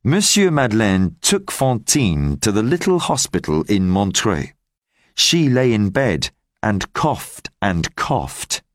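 A man reads a story aloud very slowly and clearly, his pitch rising and falling in a lively way. The recording is close and dry, with no room sound at all. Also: no room sound. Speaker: narrator. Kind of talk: graded-reader audiobook narration. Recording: dry close audiobook mic.

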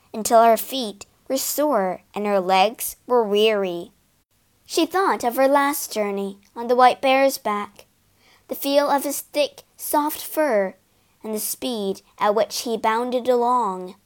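A woman reading a fairy tale aloud slowly and expressively, giving the characters voices. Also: a little high. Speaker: storyteller. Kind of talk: scripted narration of a fairy tale.

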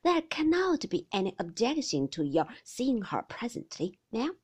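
A woman voicing a meek, mild-mannered male doctor who speaks in soft, soothing tones. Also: on the high side, very animated, unhurried, husky, full character voice.

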